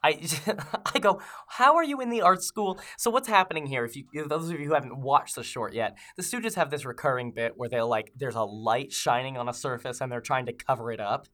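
A man co-hosting a comedy podcast, hoarse from a cold, chatting in a jokey way and laughing often. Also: medium pitch, brisk, few pauses, a bit bright. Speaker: podcast co-host. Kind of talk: casual comedic chat.

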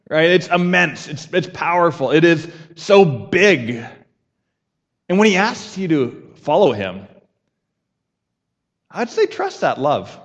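A man's voice: on the high side, sing-song, takes it slowly, long pauses, big-room sound. A man preaching a conversational sermon as pastor, repeating a key phrase and having the congregation say it back.

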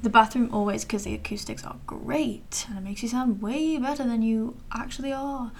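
Young woman, 19, fairly high voice, casual rambling vlog, self-deprecating. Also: fairly even intonation, moderate pace, vocal fry, a little mellow. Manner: chatty, self-deprecating, many fillers and asides. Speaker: vlogger.

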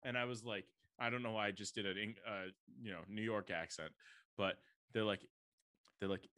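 A man's voice: lowish voice, steady tone, moderate pace, pushed and bright, no room sound. A young man from the American Midwest co-hosting a podcast, chatting casually and quizzing his co-host with jokes. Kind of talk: casual chat.

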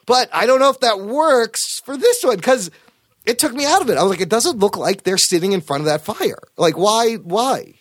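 High-voiced animated podcast host, man. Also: normal speed, dry recording, clean studio sound. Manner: animated, profane, emphatic. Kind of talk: casual chat.

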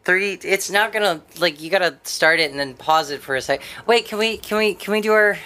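A young woman co-hosts a podcast, chatting casually and telling stories with plenty of laughter. She's a giggly, animated storyteller whose voice is on the low side and a little fast.

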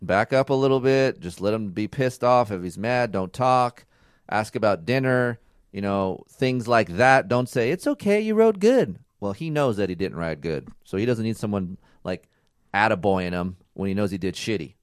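A man's voice: fairly low pitch, moderate pace, clean tone, no room sound, studio quality. A man co-hosting a casual podcast with his partner, giving blunt, profane advice in a lecturing way. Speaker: podcast co-host. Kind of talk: casual couple chat.

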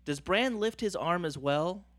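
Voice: medium pitch, lively intonation, measured pace, no room sound. A co-host in casual chat about a TV episode, enthusiastic and often chiming in with agreement. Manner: enthusiastic, frequent agreeing interjections.

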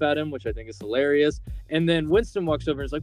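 A man's voice: fairly high pitch, quick pace, few pauses, a little mellow, soft background music. A man hosting a podcast, casually recapping a film's plot with lots of filler words. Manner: rambling, filler-heavy storytelling. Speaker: podcast host.

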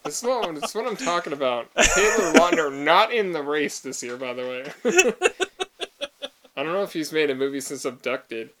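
A man's voice: on the high side, sing-song, measured pace, bright, forceful tone. A man co-hosting a casual podcast, teasing and arguing about movie casting and laughing often. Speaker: podcast co-host.

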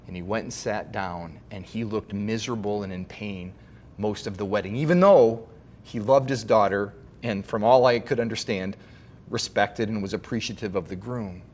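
A male pastor giving a sermon, telling a personal story in a halting, heartfelt way with frequent restarts. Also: on the low side, darkish tone.

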